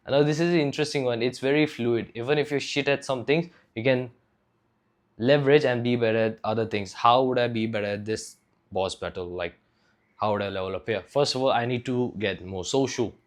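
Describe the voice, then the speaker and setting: A young man from India talks straight to camera in a loose, rambling vlog. His voice sits at an ordinary middle pitch, and his talk runs on filler words and casual swearing. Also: normal speed. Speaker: fitness vlogger.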